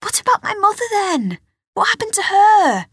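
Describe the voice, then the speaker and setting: A woman voicing a defiant fifteen-year-old girl who demands the truth, pitched high and pleading. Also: very animated, moderate pace, a bit bright, dry recording, studio quality, full character voice. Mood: demanding.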